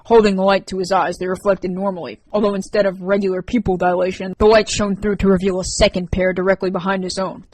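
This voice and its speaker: A woman's voice: medium pitch, level tone, quick pace, hardly any pauses, a little mellow, no room sound. Woman narrating an audiobook.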